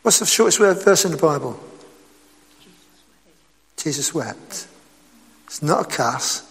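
A man preaching a sermon in a lively, conversational way, asking his listeners rhetorical questions. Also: on the high side, brisk, vocal fry, in a large hall.

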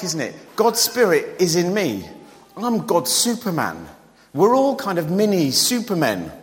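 A man gives a sermon in a conversational, joking tone. His pitch jumps up and down with animation. The voice rings with the long reverb of a large hall. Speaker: preacher.

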